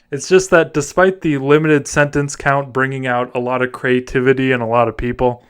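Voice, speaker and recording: A man's voice: mid-range voice, fairly bright tone, clean tone. Casual, laughing young man reading aloud. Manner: casual, swearing, laughing at what he reads. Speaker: host. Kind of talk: comedic story reading.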